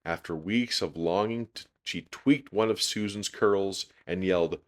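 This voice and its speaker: Storyteller host, low voice, expressive children's read-aloud. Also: male voice, a little slow.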